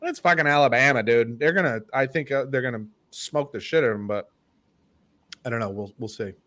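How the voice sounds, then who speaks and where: A man co-hosting a sports podcast, chatting casually and telling stories in a relaxed way that often trails off quietly. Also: medium pitch, a little fast. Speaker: podcast co-host.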